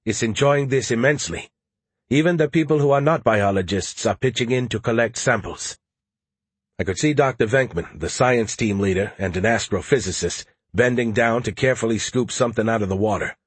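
A man's voice: on the low side, breathy edge, no echo. A man narrating a first-person audiobook with a wry, dry-humored delivery.

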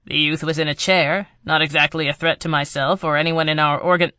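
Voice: medium pitch, fairly even intonation, fairly quick, bright, forceful tone, clean tone, dry recording, studio quality, natural voice. A narrator voicing a formal, defensive male henchman whose voice comes out tight.

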